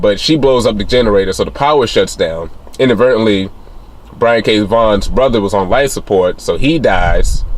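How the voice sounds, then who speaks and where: A man casually recapping a film's plot as a reviewer, rambling with many fillers. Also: slight background noise. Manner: rambling retelling with many fillers, acting out quotes in a higher voice. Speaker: film reviewer. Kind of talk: casual spoiler recap of a film.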